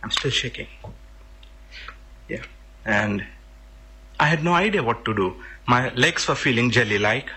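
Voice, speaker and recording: A man shares a personal story in plain, earnest words, sometimes pausing to find the right phrase. His voice is bright and slightly husky. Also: mid-range voice. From India. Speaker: workshop participant telling a personal story.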